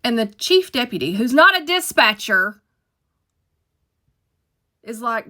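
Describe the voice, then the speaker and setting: A woman's voice: medium pitch, expressive, normal speed, bright, forceful tone. A middle-aged woman telling a story about her old dispatch job in a profane, emphatic, dramatic way. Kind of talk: casual storytime monologue.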